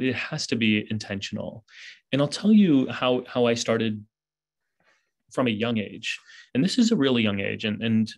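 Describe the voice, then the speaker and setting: A man being interviewed as an author, talking in an earnest, reflective way and often restarting his phrases. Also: fairly low pitch. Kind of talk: conversational interview.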